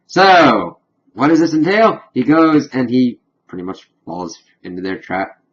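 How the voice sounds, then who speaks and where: A man recapping a TV episode in a casual review vlog, chatty and slipping into quick acted-out asides. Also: mid-range voice, expressive. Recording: dull lo-fi recording.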